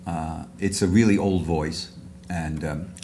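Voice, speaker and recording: Deep-voiced older man telling a rambling story. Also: steady tone, a little slow, dark tone, slight background noise. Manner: rambling storyteller with many restarts and asides. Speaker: award speaker. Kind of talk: anecdotal speech at a luncheon. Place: luncheon hall.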